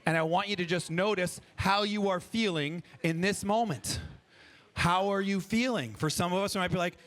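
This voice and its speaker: A man with a fairly high voice leads a live improv workshop from a conference stage, speaking into a handheld microphone. He is energetic and playful, coaxing the crowd to join in. An audience can be heard around him. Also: normal speed. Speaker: improv performer and workshop leader. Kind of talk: live freestyle rap and workshop talk to an audience. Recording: live event with audience noise.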